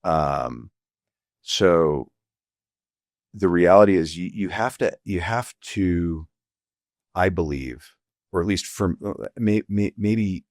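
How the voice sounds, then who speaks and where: A middle-aged male physician speaking in an interview, earnest and halting, searching for words and sometimes emotional. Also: deep voice, dry recording, studio quality. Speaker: physician guest. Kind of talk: reflective interview conversation.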